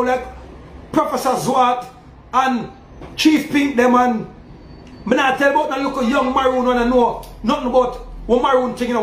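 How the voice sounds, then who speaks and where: A man with a Jamaican accent, preaching emphatically to his audience as a self-styled Maroon chief and asking again and again whether they understand. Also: very high-pitched. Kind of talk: preaching monologue. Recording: roomy echo with faint ambient noise.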